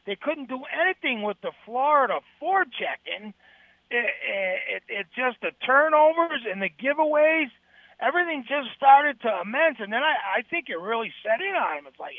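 A man's voice: extremely high pitch, big pitch swings, normal speed, no room sound. A man from New England calling in to a sports show, rambling in a glum, complaining way. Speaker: caller. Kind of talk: call-in sports talk. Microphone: telephone. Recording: tinny phone line.

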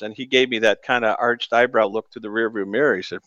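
A man's voice: medium pitch, fairly even intonation, brisk, few pauses, bright, forceful tone, no room sound, dull audio. A man hosting a sports talk radio show, candidly telling a personal story with the odd rueful laugh. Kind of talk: casual radio monologue.

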